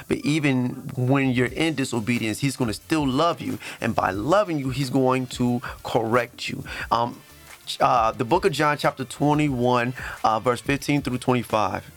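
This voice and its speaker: A man's voice: mid-range voice, moderate pace, gravelly, faint music behind. A man hosting a faith podcast, talking earnestly and reading scripture aloud, with fillers and restarts and moments where he is close to tears. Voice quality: emotional, near tears at times. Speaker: podcast host.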